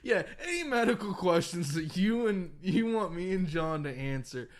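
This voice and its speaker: A man's voice: sits high, animated, normal speed. A young man co-hosting a podcast, joking crudely, laughing often and slipping into put-on voices of others. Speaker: podcast co-host. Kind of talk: casual joking chat.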